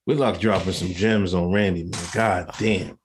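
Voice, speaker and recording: A man's voice: low-pitched, fairly even intonation, normal speed, a crowd in the background. A man co-hosting a podcast, ranting and mocking in casual, profane commentary. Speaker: podcast co-host.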